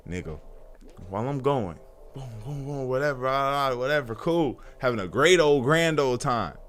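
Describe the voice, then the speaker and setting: A man telling a personal story in a casual storytime monologue, profane and slangy, animated, with sudden hushed drops. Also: medium pitch, normal speed, soft background music.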